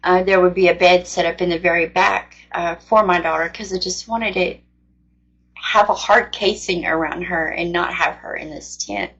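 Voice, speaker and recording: A woman's voice: on the low side, steady tone, normal speed, fairly bright tone. A woman candidly retelling a frightening personal experience in a conversational testimony style. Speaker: faith storyteller. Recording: dull lo-fi sound.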